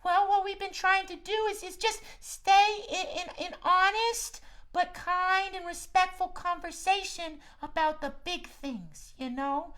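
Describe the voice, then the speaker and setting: A man's voice: extremely high pitch, steady tone, unhurried, pushed and bright, pitched above the performer's own voice, exaggerated voice. A man voicing a friendly female cat puppet on a children's show, chatty and rambling with lots of "you know.". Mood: earnest.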